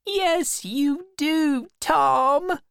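A woman voicing a shy, coy young girl in a storybook reading, with a high, light voice. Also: big pitch swings, extremely slow, no echo, clean studio sound, full character voice. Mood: tearful.

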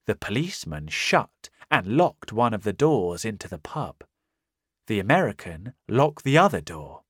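A man narrating a simplified storybook in a slow, clear, careful reading. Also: fairly low pitch, very animated, fairly bright tone, no echo, clean studio sound. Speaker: audiobook narrator. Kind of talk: scripted narration of a simplified reader.

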